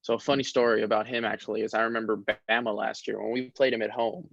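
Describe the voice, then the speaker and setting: A young man, a college football player, talking casually in an interview, relaxed and rambling with many fillers. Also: on the low side, quick pace, creaky, dry recording. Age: young adult. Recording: dull lo-fi sound.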